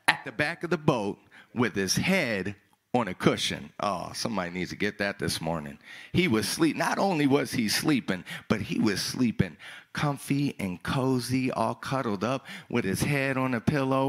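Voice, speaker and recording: A male pastor preaching a sermon in an animated way, repeating words and breaking into shouts. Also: mid-range voice, a little slow.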